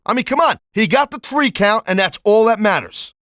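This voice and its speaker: Gruff wisecracking wrestling color man. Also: sits high, lively intonation, normal speed, bright, forceful tone, dry recording, clean studio sound. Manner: gruff tough-guy slang, blunt and wisecracking. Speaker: color commentator. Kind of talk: pro wrestling video game commentary.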